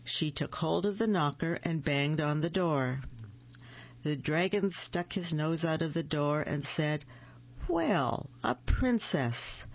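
A storyteller reading picture books aloud slowly and gently, adding small asides. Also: medium pitch, steady tone, dry recording. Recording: muffled lo-fi recording.

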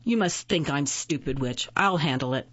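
A woman's voice: deep voice, lively intonation, normal speed, a bit bright, muffled recording. A woman voicing an arrogant, scheming young nobleman who speaks in a haughty, commanding way, in a storybook reading.

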